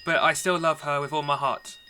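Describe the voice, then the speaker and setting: A woman's voice: sits low, fairly even intonation, fairly quick, sharp tone. A woman streaming a horror game, chatty and sarcastic in casual commentary. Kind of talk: casual let's-play commentary. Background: game music.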